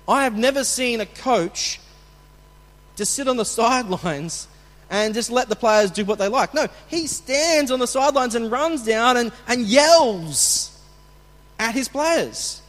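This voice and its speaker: A man preaching as a pastor, talking in a conversational way with restarts and bursts of acted shouting. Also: very high-pitched, animated, a little slow. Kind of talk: sermon. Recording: long hall reverb.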